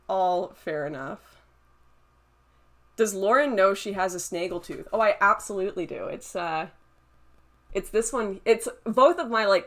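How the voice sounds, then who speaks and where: A young adult woman hosting a casual livestream, chatty and laughing often as she reads and answers chat comments. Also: medium pitch. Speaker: livestream host reading chat.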